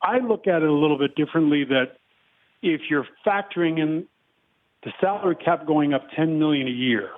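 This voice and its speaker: A man in his fifties, a guest giving measured football analysis and clearing his throat often. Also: fairly high pitch. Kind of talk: casual phone interview. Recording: tinny phone line.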